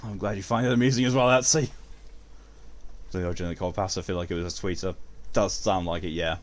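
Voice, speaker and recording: A man's voice: low voice, steady tone, quick pace. Laid-back man streaming a game. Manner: laid-back, swears casually. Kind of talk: casual gameplay commentary.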